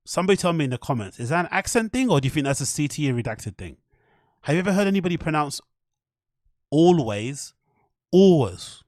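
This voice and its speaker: A man's voice: a little high, very animated, racing, no room sound, studio quality. A man who hosts a podcast and rambles casually, swearing a lot and laughing at his own jokes. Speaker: podcast host.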